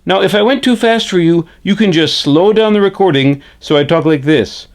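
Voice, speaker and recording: A man's voice: high-pitched, lively intonation, pitched above the performer's own voice. A man voicing Frederick, a friendly male hand puppet who teaches puppetry basics on camera in a chipper way, often tagging "eh?". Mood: encouraging. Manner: chipper, says "eh?" a lot, slow and deliberate.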